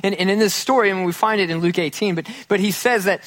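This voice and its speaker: This pastor's voice is high and a bit bright, his tone steady and his pace quick. His sermon to the congregation is conversational and humorous, full of jokes and little acted-out quotations.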